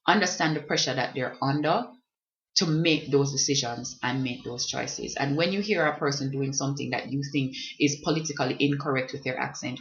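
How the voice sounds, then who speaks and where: A woman's voice: very deep voice, a bit bright. A woman, speaking earnestly and directly to the listener in a reflective personal vlog. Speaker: blogger and vlogger. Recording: dull lo-fi recording.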